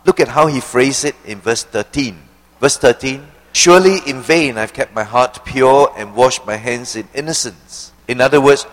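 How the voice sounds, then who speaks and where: A male preacher giving an expository sermon, asking rhetorical questions and slowing down to stress key phrases. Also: mid-range voice, big-room sound, poor audio.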